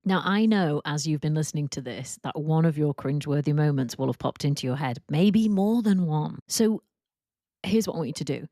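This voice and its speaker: Woman telling cringe stories, mellow voice. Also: moderate pace, no echo, clean studio sound. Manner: animated, acts out quotes in a higher voice; laughs at own stories. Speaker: podcast host and work confidence coach. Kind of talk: casual solo podcast storytelling.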